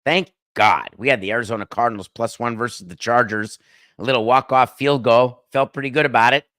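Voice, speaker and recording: A middle-aged man hosting a sports podcast, talking in a brash, joking monologue full of quick asides. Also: medium pitch, a bit bright, dry recording, studio quality. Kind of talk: casual sports commentary monologue.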